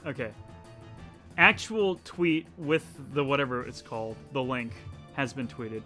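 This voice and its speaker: Bright-voiced young male streamer. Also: medium pitch, lively intonation, measured pace, soft background music. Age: young adult. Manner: chatty, rambling, often laughing. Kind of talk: casual let's-play chat.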